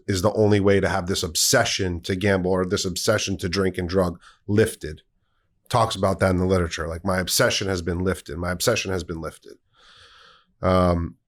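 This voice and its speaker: A young man hosting a podcast, friendly and leading his guest through the talk. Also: low-pitched. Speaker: podcast host. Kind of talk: casual interview chat.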